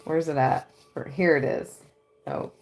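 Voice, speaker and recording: A woman giving a tarot reading on a livestream, dreamy and excitable, often breaking into giggles. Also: sits low, a little slow, gravelly, soft background music. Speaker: tarot reader.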